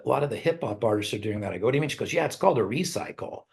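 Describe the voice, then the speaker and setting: Talking fast in a low, gravelly voice, a middle-aged rock singer and songwriter spins rambling tales as an interview guest. He swears freely, laughs often, and performs quoted lines in raised voices.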